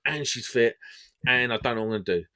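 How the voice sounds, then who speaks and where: A man's voice: mid-range voice, quick pace, pushed and bright. A man hosting a podcast, telling stories in casual, laddish banter. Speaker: podcast host. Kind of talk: casual storytelling chat.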